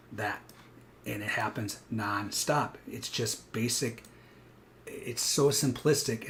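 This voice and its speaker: A man's voice: mid-range voice, a little hiss or hum. A man coaching viewers through live futures trades, explaining chart patterns and acting out panicked traders with bursts of energy. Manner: animated, acts out panicked traders, rapid asides. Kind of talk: live trading walkthrough.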